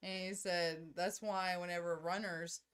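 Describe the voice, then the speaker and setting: A middle-aged woman, co-hosting a casual chat and telling brash, loud stories with laughter. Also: fairly low pitch, little pitch movement, unhurried, smooth. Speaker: podcast co-host.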